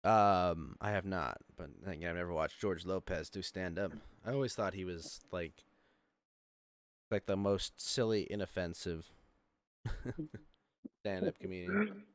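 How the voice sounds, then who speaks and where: A man's voice: low-pitched, a little slow, smooth, no room sound. A young man hosting a casual online talk show, laid-back and chuckling often. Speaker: podcast host. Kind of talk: casual chat.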